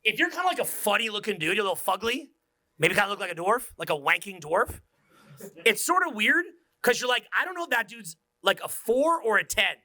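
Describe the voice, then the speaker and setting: Guy in his 40s yelling a hype seminar, cursing a lot, high bright voice. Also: big pitch swings, fairly quick, dry recording. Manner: intense, profane, repetitive, swings from whisper to shouting. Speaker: dating coach. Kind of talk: motivational seminar talk.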